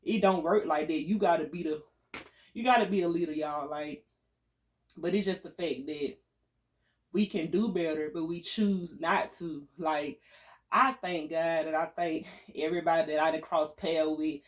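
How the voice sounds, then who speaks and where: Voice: medium pitch, steady tone, normal speed. A vlogger giving an emphatic, preachy spiritual pep talk to viewers. The speaker uses casual slang, calls the audience y'all and repeats phrases for emphasis. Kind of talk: spiritual motivational talk to camera.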